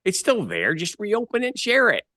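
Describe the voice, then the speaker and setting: A man's voice: high-pitched, huge pitch swings, normal speed, sharp tone, no room sound, clean studio sound. A man co-hosting a casual show over a video call, upbeat and teasing. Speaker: podcast co-host.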